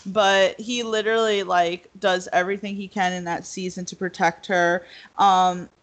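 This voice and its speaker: A woman's voice: medium pitch, level tone, normal speed. A young woman in casual chat, rambling with lots of fillers and acting out quotes. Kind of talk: casual podcast discussion.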